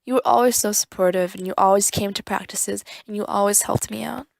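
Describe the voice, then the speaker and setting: A young woman with a creaky edge to her voice speaks earnestly. Her grateful farewell message sounds close and dry. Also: medium pitch, fairly even intonation, a little fast, no room sound. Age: young adult. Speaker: student club member.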